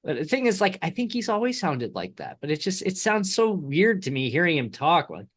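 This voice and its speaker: A man in his thirties from Indiana with a Midwestern accent, co-hosting a casual podcast chat in an animated, chatty way, laughing often. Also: a little high, a little fast. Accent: Midwestern American. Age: 30s. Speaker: podcast co-host.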